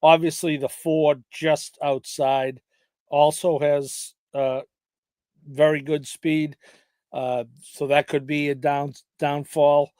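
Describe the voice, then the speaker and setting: A man co-hosting a podcast, casually talking through his horse race picks in a hesitant way, with many pauses and restarts. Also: a little high, flat delivery, darkish tone, smooth, no room sound. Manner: hesitant, lots of fillers and restarts. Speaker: podcast co-host handicapping horse races. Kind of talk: casual chat.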